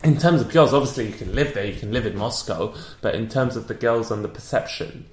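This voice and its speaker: A man talking as a podcast guest in casual chat, rambling and halting as he tells his story. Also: medium pitch, expressive, darkish tone. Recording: echoey room.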